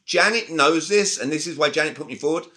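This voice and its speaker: Bright-voiced British coach in his forties. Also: a little high, fairly quick. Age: 40s. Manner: emphatic, talks straight to the group with questions. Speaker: communication coach. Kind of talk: live online sales training. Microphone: video call.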